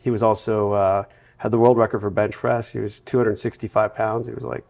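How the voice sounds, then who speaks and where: A man from the United States, a guest in a casual interview, telling long run-on anecdotes with a relaxed storytelling manner. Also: lowish voice, a little fast, creaky. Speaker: podcast guest.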